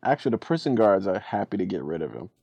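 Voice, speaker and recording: A man's voice: low-pitched, very animated, fast, gravelly, darkish tone, husky, no echo, muffled recording. A man co-hosting a podcast, joking and musing aloud in a casual chat about a cartoon. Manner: joking, chatty, poses musing questions. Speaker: podcast co-host.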